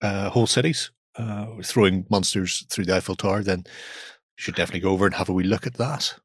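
A low-voiced man, co-hosting a casual chat. His voice is husky and dry, and he adds wry asides from the side. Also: fast talker, no room sound.

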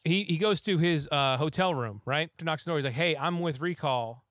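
Male podcast host, chatty rambler who acts out quotes, quick and slightly high, clean and dry. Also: fairly bright tone, no room sound. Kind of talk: casual movie recap.

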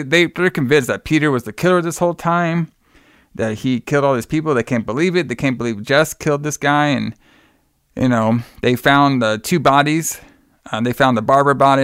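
A man's voice: medium pitch, smooth, no room sound, clean studio sound. A man in casual chat, retelling a film scene by scene, filler-heavy, jumping into raised voices to act out the characters' lines. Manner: animated retelling, acting out lines in raised voices, swears freely. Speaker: podcast co-host recapping a film.

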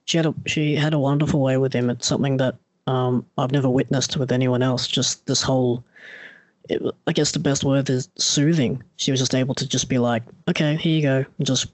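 Male host, casual conversation, expressive storyteller, dry sound. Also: mid-range voice, brisk, no room sound. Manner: animated storyteller who acts out quoted voices.

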